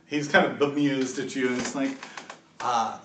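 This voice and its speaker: A man narrating as game master of a tabletop game, lively and halting with fillers, recorded in an echoey room from a distant mic with faint noise. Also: mid-range voice.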